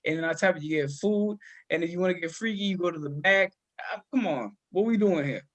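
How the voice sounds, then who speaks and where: A man hosting a podcast in casual chat, telling excitable, profane stories. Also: a little high, fast talker. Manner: loud, excitable, profane storytelling. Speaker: podcast host.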